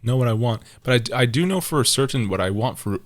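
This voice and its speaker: A young man co-hosting a casual podcast, rambling and excitable, swearing and laughing loudly. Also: medium pitch, fairly quick, dry recording. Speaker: podcast co-host.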